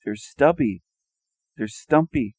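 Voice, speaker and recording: A man's voice: mid-range voice, animated, takes it slowly, warm tone, dry recording. A man giving a sarcastic, mocking monologue over images, firing rhetorical questions and repeating his phrases. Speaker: video commentator.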